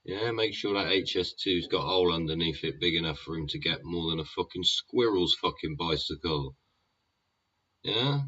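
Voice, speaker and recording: A man's voice: low voice, steady tone, brisk, hardly any pauses, sharp tone, breathy edge. A man hosting a show, rambling in a sweary monologue full of tag questions like "yeah?" and "wouldn't ya?". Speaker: podcast host. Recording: dull lo-fi recording.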